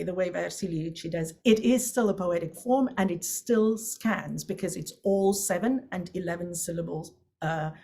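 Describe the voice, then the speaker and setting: A woman teaching an online opera lesson, explaining with quick asides and breaking into sung and recited Italian examples. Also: medium pitch, a little mellow.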